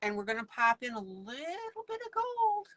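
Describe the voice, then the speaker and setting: A woman's voice: a little high, sing-song, normal speed, fairly bright tone, rough recording. A woman leading a casual live coloring lesson, chatty and playful, laughing often as she works. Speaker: online coloring teacher.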